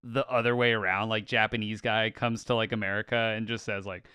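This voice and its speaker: A man's voice: on the low side, flat delivery, fairly quick, pushed and bright, clean tone, dry recording, clean studio sound. A young man hosting a podcast in casual chat, laughing easily and filling his talk with "like". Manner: laughs easily, lots of filler "like". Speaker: podcast host.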